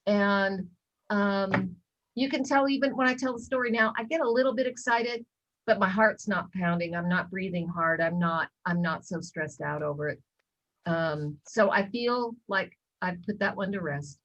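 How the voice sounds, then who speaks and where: A woman's voice: fairly low pitch, a bit bright, dull audio. A middle-aged woman presenting a wellness talk, telling a personal story with many ums and acted-out quotes. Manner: storytelling with lots of ums, acts out quoted lines. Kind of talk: casual talk in a wellness webinar.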